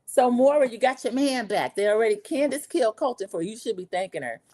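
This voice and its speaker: A fast-talking woman in her 40s with a fairly high-pitched voice recaps a TV episode for her show, sassy and gossipy. She chats casually and quotes the cast in lively put-on voices.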